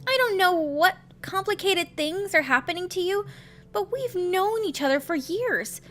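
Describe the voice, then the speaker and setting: A woman's voice: very high voice, animated, unhurried, fairly bright tone, soft background music, voice pushed up, full character voice. A woman reading a game character's chat lines aloud, voicing an indignant young male college student who pleads his case. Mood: pleading.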